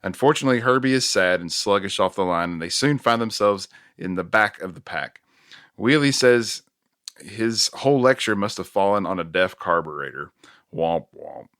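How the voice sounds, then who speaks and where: A man with a lowish voice casually walks through a film's plot, stopping to chuckle and fix his own slips. The recording is close and dry, with no room sound. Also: lively intonation, normal speed, a bit bright, dry recording. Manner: recounts scenes with chuckles and self-corrections. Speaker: podcast host recapping a film. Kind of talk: casual plot recap chat.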